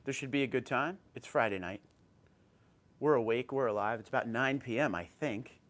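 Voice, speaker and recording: A man in the middle of a relaxed home livestream, chatting into an old tablet at an easy, even pitch. He greets viewers one by one by name and reads their comments back to them in a friendly, informal way. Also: normal speed. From New Jersey. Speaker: livestream host. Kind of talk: casual livestream chat.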